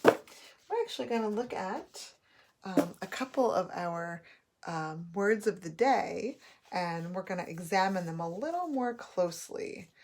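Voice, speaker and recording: A woman leads a phonics lesson for young children at an even, middle pitch. She speaks slowly and deliberately, sounding out letters one by one, with the patient rhythm of a teacher at the board. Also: background noise. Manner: slow, clear teacherly pacing with sounded-out letters.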